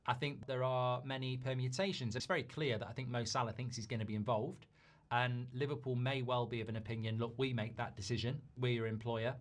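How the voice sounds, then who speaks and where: A man giving measured football commentary, reasoning through options with the odd quick aside. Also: medium pitch, fairly even intonation. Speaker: football pundit in a played clip.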